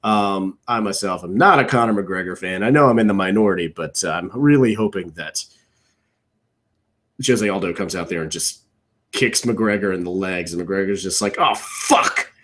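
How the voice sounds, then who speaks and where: A young man with a lowish voice talks off the cuff from his home computer, in a loose, rambling chat. He is opinionated and jumps up in pitch when something annoys him, then lets each thought sink back down and fade at its end. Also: moderate pace, fairly bright tone. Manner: opinionated, rambling, trailing off low at ends of thoughts. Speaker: podcast co-host. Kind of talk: casual wrestling riff commentary.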